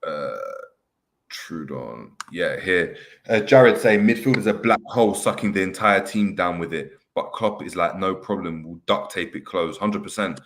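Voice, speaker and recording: A young man hosts a laid-back football show, his voice sitting low. He reads viewer comments aloud and banters with his co-host. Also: lively intonation, a little slow, fairly bright tone. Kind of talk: casual football chat. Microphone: webcam on video call.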